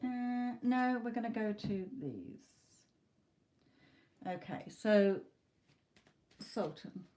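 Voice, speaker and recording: Blunt, animated woman tarot reader. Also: fairly high pitch, extremely slow. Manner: animated, acts out clients' panicked voices; blunt, swears casually. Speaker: tarot reader hosting a live stream. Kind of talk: live-stream chat with viewers.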